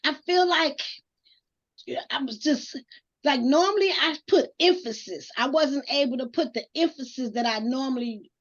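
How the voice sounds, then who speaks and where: A woman's voice: high-pitched, normal speed. A woman co-hosting a casual group chat, talking earnestly, correcting herself as she goes and asking for feedback. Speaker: co-host. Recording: dull lo-fi audio.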